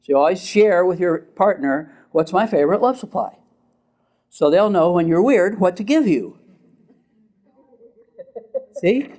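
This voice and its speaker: A man's voice: high voice, lively intonation, a little slow, long pauses, a little mellow. An older man, a therapist, lecturing a class in a casual, chatty way, laughing often and asking the audience questions.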